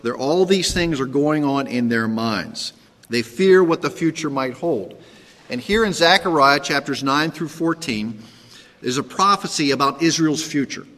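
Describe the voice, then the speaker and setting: A man's voice: fairly high pitch, unhurried, a bit bright, long reverb tail. A man preaching a sermon as pastor, reading scripture aloud, then explaining it in a conversational way with frequent "okay?" check-ins. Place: church sanctuary.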